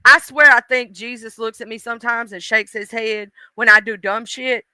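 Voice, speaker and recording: A woman's voice: on the high side, fairly even intonation, normal speed, sharp tone, clean tone, no echo, low-quality recording. A woman hosting a casual live stream, chatting and laughing, greeting viewers by name.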